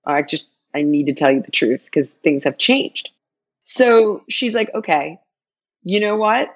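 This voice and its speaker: Woman, guest storyteller, animated, acts out the dialogue, slightly low voice, lo-fi sound. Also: unhurried. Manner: animated, acts out quoted dialogue with big pitch jumps. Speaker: guest telling her story. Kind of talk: emotional personal storytelling.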